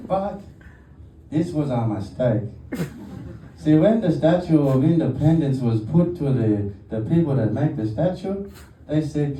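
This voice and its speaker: This young stand-up's voice is a little high, warm, sing-song, and slow as he delivers a crude, casual set, often cracking up at his own jokes. It's recorded far off in a noisy, roomy venue with a live audience.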